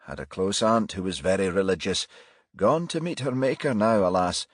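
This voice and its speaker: A male detective constable, matter-of-fact and dryly joking, asking plain questions, as the narrator voices him. The tone is low, a little husky, with lively shifts in pitch. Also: normal speed, no room sound, studio quality.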